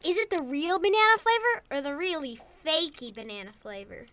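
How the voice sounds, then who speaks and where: A woman voicing an energetic, chatty young bear cub boy. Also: high-pitched, fairly quick, no echo, exaggerated voice. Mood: excited.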